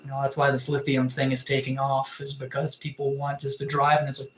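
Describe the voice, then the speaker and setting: A man's voice: mid-range voice, monotone, brisk. Rambling young man, roomy echo. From Canada. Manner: rambling, many fillers and restarts. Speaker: live streamer. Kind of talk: casual live stream chat reading comments.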